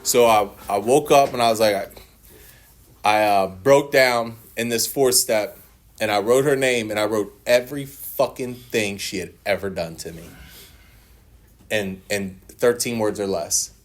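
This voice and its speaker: Profane animated man telling his story. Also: on the low side, a little slow. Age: 40s. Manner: laughs often while telling. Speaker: recovery meeting speaker. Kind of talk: personal share at a recovery meeting.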